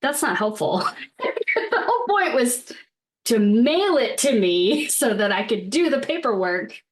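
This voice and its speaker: A woman's voice: fairly high pitch, sing-song, a little slow. A woman co-hosting a podcast in casual chat, who often laughs between phrases and swears casually. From United States. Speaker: podcast co-host.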